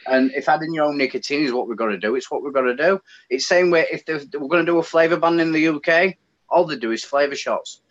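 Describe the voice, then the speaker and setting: A man's voice: on the high side, fast talker. A man with an English accent, chatting casually as a guest and ranting with feeling. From United Kingdom. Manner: animated, ranting. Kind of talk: casual chat. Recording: dull lo-fi sound.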